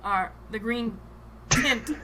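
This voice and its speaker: A woman narrating a tabletop game as game master, pausing often with ums and restarts. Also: on the high side, very noisy. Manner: hesitant, with many ums and restarts.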